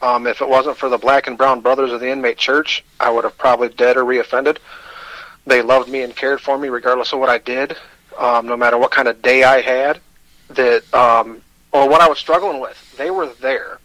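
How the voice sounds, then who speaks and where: A man's voice: medium pitch, steady tone, moderate pace, pushed and bright, no room sound, low-quality recording. Candid, self-deprecating Michigan man. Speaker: guest. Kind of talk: personal storytelling in a radio interview.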